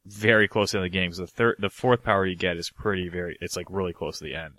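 A man talking quickly and bluntly about video games in a casual podcast chat. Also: low voice, steady tone, a bit bright, no echo.

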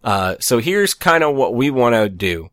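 A man's voice: medium pitch, moderate pace, no room sound. Male podcast co-host, easygoing chat, dry close-miked sound. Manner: relaxed, laughs easily, reads out show plugs.

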